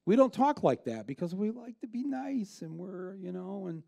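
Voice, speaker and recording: A man's voice: sits high, big pitch swings, moderate pace, vocal fry, mellow. A man speaking as a filmmaker guest in an onstage conversation before an audience, blunt and emphatic, with frequent restarts. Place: live event with an audience.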